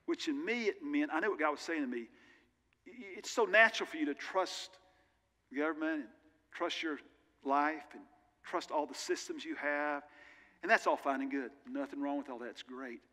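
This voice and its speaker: A man's voice: fairly high pitch, moderate pace, sharp tone. A male pastor preaching a sermon in an earnest, conversational way with candid personal asides, recorded in a church sanctuary. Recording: long reverb of a large church hall.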